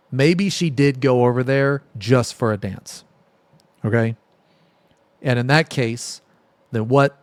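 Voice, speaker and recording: A man's voice: medium pitch, a little mellow, no echo. Blunt, profane male streamer. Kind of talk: casual reaction commentary.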